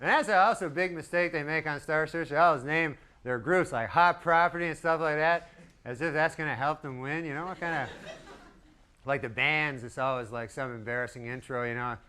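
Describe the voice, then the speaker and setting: Man, stand-up comic, deadpan, rambling, chuckles at his own jokes, higher voice, live stage recording, loud background noise. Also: a little fast. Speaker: stand-up comedian. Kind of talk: stand-up routine. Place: comedy stage with a live audience.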